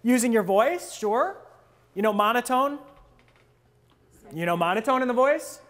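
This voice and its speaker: At a live workshop, a male presentation coach quizzes attendees and dramatizes their wandering thoughts by dropping his voice lower. His delivery is animated yet measured, with a slightly bright tone.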